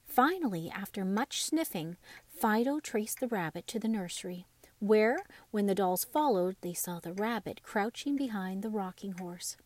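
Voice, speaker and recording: A woman reading a classic children's story aloud as a bedtime story, gentle and expressive. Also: mid-range voice, moderate pace, no echo.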